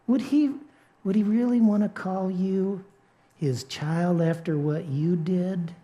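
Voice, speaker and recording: A man playing the devil as a sly, hushed tempter. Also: sits high, steady tone, slow pace. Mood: wheedling. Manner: hushed, wheedling, calls the listener sweetheart. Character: sly coaxing male devil, sweet-talking tempter.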